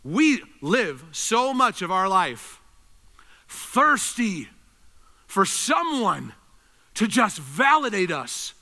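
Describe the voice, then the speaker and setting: A man preaching a sermon, animated, swinging between loud emphasis and quiet intensity. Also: sits high, extremely slow. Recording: reverberant hall.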